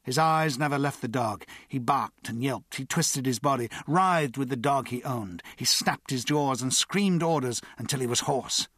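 A man narrating an audiobook with expressive, dramatic storytelling. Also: medium pitch, moderate pace, hardly any pauses, no room sound, studio quality.

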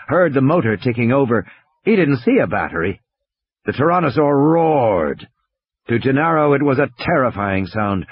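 A man narrating an audiobook thriller with expressive, dramatic storytelling. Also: medium pitch, husky. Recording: dry, slightly dull audiobook recording.

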